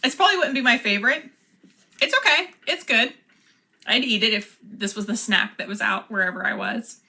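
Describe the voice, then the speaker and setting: A woman's voice: a little high, normal speed, gravelly, pushed and bright. A woman chatting casually as she unboxes and taste-tests snacks, laughing often. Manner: chatty, laughs often, reads product cards aloud. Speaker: vlogger.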